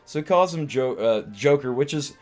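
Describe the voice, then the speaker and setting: A man's voice: medium pitch, expressive, moderate pace, darkish tone, faint music behind. Rambling man recapping a film. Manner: rambling, many restarts and "like" fillers. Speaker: live-stream host, comedian.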